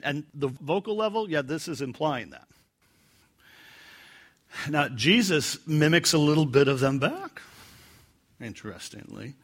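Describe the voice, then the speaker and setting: A man preaching verse by verse from the Bible, acting out quoted lines loudly and dropping to a quiet, low voice when he explains them. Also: a little slow, long pauses. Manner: animated, acts out quoted lines with rising pitch and volume.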